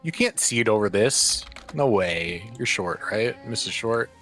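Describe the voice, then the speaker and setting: A man's voice: lowish voice, expressive, measured pace, sharp tone, faint music behind. A man playing in a tabletop game, making dry, joking asides in casual table talk. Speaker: player.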